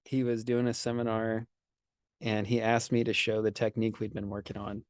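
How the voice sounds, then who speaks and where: A man's voice: on the low side, completely flat delivery, normal speed, no room sound, studio quality. A man chatting casually on a podcast in a laid-back way, often trailing off mid-thought. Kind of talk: casual chat.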